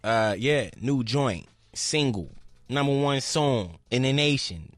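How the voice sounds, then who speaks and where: A man's voice: mid-range voice, expressive, takes it slowly, no echo. A man as a radio show guest, talking in laid-back, rambling slang about his week. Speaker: guest singer. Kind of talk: casual chat.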